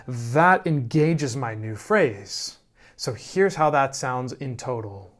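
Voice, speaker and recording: A man teaching piano, calmly explaining phrasing and often checking in with "right?". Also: medium pitch. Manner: calm, slow explaining with frequent "right?" checks. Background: piano playing.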